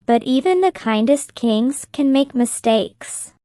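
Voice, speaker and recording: Slow, clear woman reading a story. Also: high voice, expressive, warm tone, no room sound, clean studio sound. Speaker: narrator. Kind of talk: slow graded-reader story narration.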